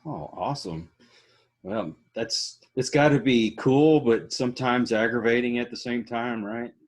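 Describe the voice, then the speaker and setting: A man's voice: mid-range voice, a little slow. Easygoing joking man host. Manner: easygoing, joking, laughs often. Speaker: podcast host. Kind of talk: casual interview chat.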